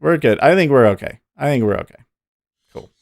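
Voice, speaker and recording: A man's voice: medium pitch, expressive, brisk, gravelly, no echo, clean studio sound. A man hosting a live day-trading stream, thinking aloud and cheering on his trades in easy casual chat.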